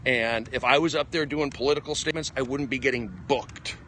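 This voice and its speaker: Excitable comedian ranting on a walk. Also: male voice, mid-range voice, brisk, a little hiss or hum. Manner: excitable, emphatic, jumping between topics. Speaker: stand-up comedian. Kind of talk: rambling livestream monologue. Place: outdoors on a walk. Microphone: phone.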